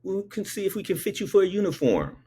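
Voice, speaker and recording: A man voicing an eager, chummy male ambulance company boss who talks with excitement. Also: high-pitched, fast, slightly rough, pitched above the performer's own voice, full character voice.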